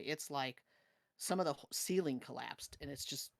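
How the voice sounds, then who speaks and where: A man's voice: fairly high pitch, normal speed, vocal fry, a bit bright, no room sound. A man runs a tabletop game, describing the scene in loose, meandering sentences. The recording is dry and close. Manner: loose, rambling description with fillers. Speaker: game master.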